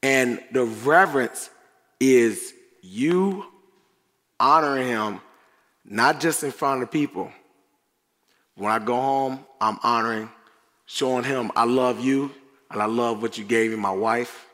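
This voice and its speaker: A middle-aged man preaching a conversational sermon with animated asides and frequent laughter. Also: mid-range voice, a little slow, pauses often. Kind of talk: sermon devotional. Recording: reverberant church hall.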